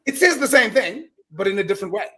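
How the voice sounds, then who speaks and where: Lively man telling a story, slightly high voice. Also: fast. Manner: animated storyteller, repeats words when restarting; acts out his own self-talk. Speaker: podcast guest, mindset coach. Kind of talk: casual conversational interview.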